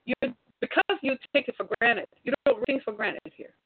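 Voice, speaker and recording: A woman's voice: fairly high pitch, a little fast, breathy edge, dry recording. A woman delivering an impassioned monologue straight to viewers, preachy and exhorting, full of rhetorical questions. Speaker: commentator. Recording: tinny phone-like sound.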